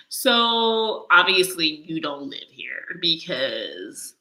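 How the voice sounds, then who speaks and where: A woman's voice: deep voice, sing-song, extremely slow, pushed and bright, low-quality recording. A woman hosting a casual live chat from Ghana, blunt and swearing, often breaking into laughter. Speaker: livestream host. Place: lives in Ghana.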